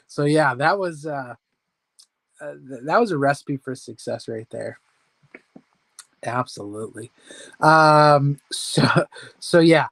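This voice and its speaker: A man chats casually from home as host of a support group. His voice sits a little high, and he rambles and pokes fun at himself. The sound is close and dry, with no room echo. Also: takes it slowly, pauses often, fairly bright tone. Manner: chatty, rambling and self-deprecating, with laughs. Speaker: host of a weight-loss support chat. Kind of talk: casual livestream chat.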